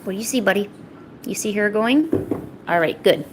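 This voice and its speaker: A sick woman streaming her drawing, chatting softly to her pets and cooing at them. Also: mid-range voice, lively intonation, moderate pace, background noise. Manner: soft, cooing pet talk. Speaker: art streamer. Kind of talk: casual chat to her pets while drawing. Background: faint music.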